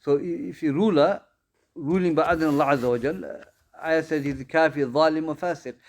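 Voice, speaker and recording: A man's voice: a little high, steady tone, fairly quick. A man teaching an informal Islamic studies class, answering students' questions in a conversational way, with many repeats and restarts. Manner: conversational, repeats phrases, frequent restarts and fillers.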